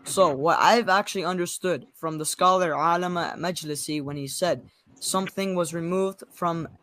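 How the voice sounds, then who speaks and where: A man's voice: fairly high pitch, normal speed, sharp tone, no room sound. A young man in a heated debate, explaining himself defensively with stumbles and restarts. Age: young adult.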